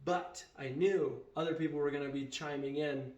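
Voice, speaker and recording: A man's voice: fairly high pitch, steady tone, moderate pace, darkish tone, muffled recording. A man casually telling a story in a vlog, retelling it with animation and acting out the quoted dialogue. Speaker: vacation rental owner and vlogger. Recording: echoey room.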